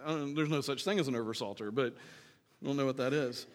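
A man pastor preaching a sermon in a church, earnest and emphatic, dropping into quiet, joking asides. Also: medium pitch, fast talker.

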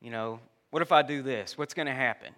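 A man's voice: mid-range voice, a little fast, bright, forceful tone. A man preaching a sermon in a loose, conversational way, telling a personal story with plenty of restarts. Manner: conversational, uses dude and y'all, many restarts.

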